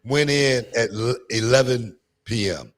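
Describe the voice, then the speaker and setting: A man's voice: mid-range voice, measured pace. Laid-back drawling man. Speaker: podcast host. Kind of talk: casual chat.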